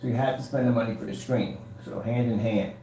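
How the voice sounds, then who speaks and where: At home, in a room with a projector and a gray wall, a man casually demonstrates his projector screen paint, pitching it in an emphatic, rambling sales style. His mid-range voice is creaky and mellow, fairly quick with fairly even intonation, and the recording has roomy echo and slight background noise.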